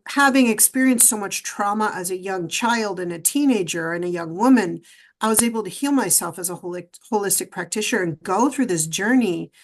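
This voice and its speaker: A middle-aged woman, a podcast guest, telling her story in an animated, emphatic way. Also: mid-range voice. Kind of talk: storytelling interview.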